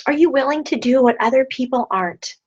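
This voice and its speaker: Woman in her thirties, high voice, rousing sales pep talk, lo-fi video-call sound. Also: animated, a little fast, a little mellow. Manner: rousing, repeats rhetorical questions. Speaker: sales team leader. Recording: dull lo-fi online video call.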